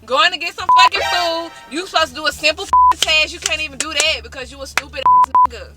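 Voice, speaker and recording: A woman's voice: high-pitched, sing-song, fast, over loud music. A young woman in a couple vlog, playing a brash, profane, demanding persona from inside a car. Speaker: vlog host, fiancée. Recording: loud road noise inside a car.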